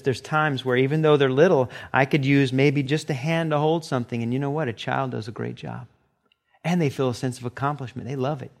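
A middle-aged man preaching a sermon as pastor, animated, sometimes acting out short quoted exchanges. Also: mid-range voice.

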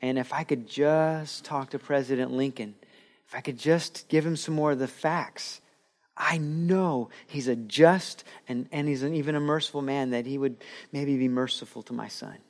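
A man's voice: medium pitch, steady tone, normal speed, natural voice. Man retelling a grieving father pleading for his son.

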